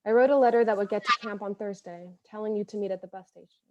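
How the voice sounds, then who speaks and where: A woman's voice: medium pitch, steady tone, fast, muffled recording, heavy background noise, natural voice. A woman reading as a lovesick 1918 sweetheart. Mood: heartbroken. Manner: earnest, emotional, imploring. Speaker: reader of historical letters. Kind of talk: dramatic letter reading.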